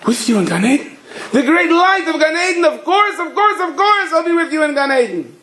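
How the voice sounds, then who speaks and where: A man voicing an eager, excitable traveler in a folk tale, gushing and exclaiming. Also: very high-pitched, quick pace, voice pushed up. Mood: overjoyed. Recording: echoey room.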